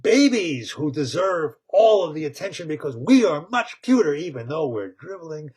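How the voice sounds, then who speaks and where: A man's voice: a little high, sing-song, moderate pace, darkish tone, husky. A man voicing a tiny, bossy baby who insists on being in charge, in a retold cartoon story. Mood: smug. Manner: commanding, self-important.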